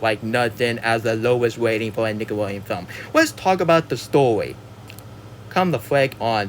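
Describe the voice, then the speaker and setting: A man's voice: mid-range voice, a bit bright, a little hiss or hum. Rambling exasperated man ranting. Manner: exasperated, rambling, stumbles over words and apologizes. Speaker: movie reviewer. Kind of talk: ranting film review monologue.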